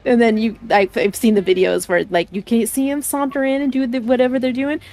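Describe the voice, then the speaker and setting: A woman's voice: on the high side, steady tone, fairly quick, darkish tone. A young adult woman streaming a game, chatting casually and laughing often through rambling anecdotes into a desk mic. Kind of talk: casual chat while gaming. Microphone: desk microphone.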